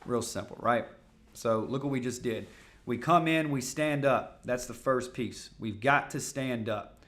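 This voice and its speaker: A man teaching a sales masterclass in a casual, coaching way, often bursting into loud, high-pitched practice call openers. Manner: casual, coaching, fast talk with fillers. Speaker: sales trainer.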